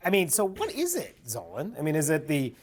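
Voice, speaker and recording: A man anchoring a news broadcast, his pitch moving in a lively way as he reads out quotes. He pushes his guest with pointed questions. He speaks in a polished broadcast manner. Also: fairly quick.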